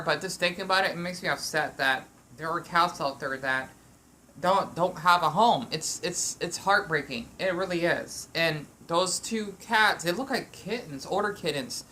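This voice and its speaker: In a rambling eating vlog filmed at home, a woman meanders through her talk with frequent restarts and fillers. Her fairly low voice sounds pushed and bright, with slight background noise.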